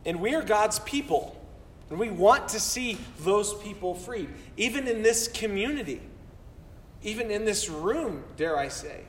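Recorded from far off in a roomy, reverberant church sanctuary, a pastor preaches a sermon in a notably high voice with lively intonation and a measured pace. He speaks earnestly, doubling back on words to press a point, and there's a little hiss or hum.

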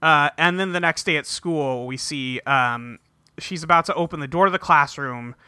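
A man's voice: a little high, normal speed, pushed and bright, smooth, dry recording. A man on a casual podcast retelling episode scenes, acting out the lines and swearing freely. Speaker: podcast co-host recapping a show. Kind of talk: casual chat.

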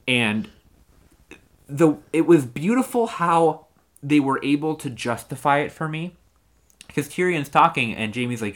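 A young man co-hosting a chatty podcast, retelling scenes and slipping into quick voices for the characters. He swears freely and sounds genuinely caught up in it. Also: fairly high pitch, expressive, a bit bright. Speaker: podcast co-host. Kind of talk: casual chat recapping a TV show.

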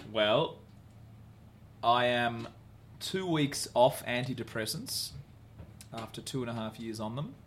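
A man's voice: mid-range voice, lively intonation, takes it slowly, long pauses, fairly bright tone, a little hiss or hum. A man, a comedian, talking candidly as a podcast guest in a bar venue, rambling and self-deprecating with frequent restarts and the odd swear. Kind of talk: candid podcast interview chat.

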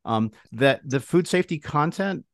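A man co-hosting a casual podcast chat, teasing with dry, deadpan humor. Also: on the high side, moderate pace, no room sound. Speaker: podcast co-host.

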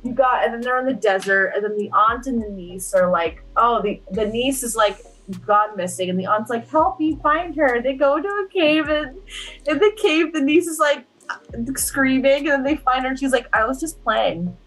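Young female co-host, higher voice, loose sweary movie recap with quick character impressions. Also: a bit bright, rough recording. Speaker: podcast co-host. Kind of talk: casual movie recap chat.

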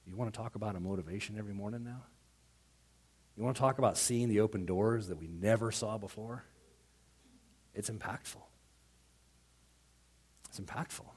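A man preaching a sermon as pastor, animated and quick to act out what others say, often restarting his words. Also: fairly low pitch, breathy edge. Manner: animated, acts out quoted voices, frequent stammered restarts.

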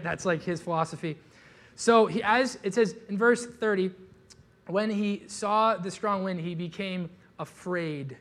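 A man's voice: sits high, unhurried, a bit bright. A man preaching a sermon in a casual, joking way, retelling a story with lots of filler words and asides. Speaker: pastor.

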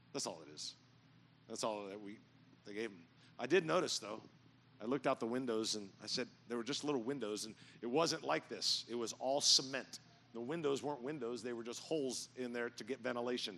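A middle-aged man pastor telling stories in a sermon, animated and jokey, now and then breaking into loud mock yelling. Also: mid-range voice, vocal fry, a little hiss or hum. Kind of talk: storytelling sermon. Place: church auditorium with audience.

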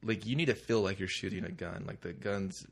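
A man's voice: low voice, brisk, gravelly, husky. A man co-hosting a podcast in casual chat, rambling and hesitant with lots of fillers. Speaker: podcast co-host.

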